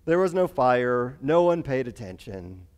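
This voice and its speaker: Male Bible teacher, mid-pitched, lively and conversational storyteller. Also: unhurried, clean tone. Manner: animated storytelling with asides and fillers.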